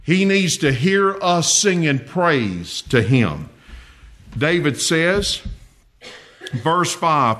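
A man's voice: on the high side, sing-song, extremely slow, long pauses, fairly bright tone. An older man preaching a sermon, folksy and earnest, telling homely stories with humor.

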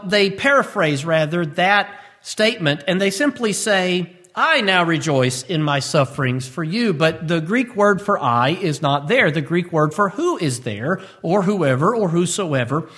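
A man's voice: high voice, lively intonation, takes it slowly, a bit bright. A man, preaching a verse-by-verse sermon, earnest and emphatic with humorous asides. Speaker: pastor.

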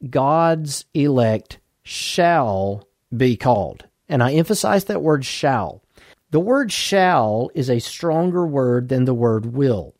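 A man giving a doctrinal Bible teaching as a podcast teacher, measured and leaning hard on key words. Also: mid-range voice, dark tone, no room sound, clean studio sound.

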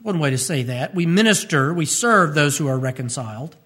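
A man preaching a radio sermon as pastor, repeating key phrases and rising sharply in pitch when he stresses a point. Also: expressive, fairly quick, a bit bright.

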